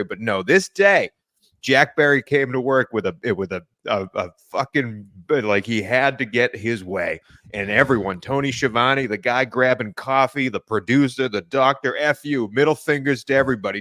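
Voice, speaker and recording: Man, mid-pitched voice, dry close mic, blunt skeptical podcast co-host, swears freely. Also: expressive, moderate pace, fairly bright tone, dry recording. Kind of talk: casual wrestling commentary chat.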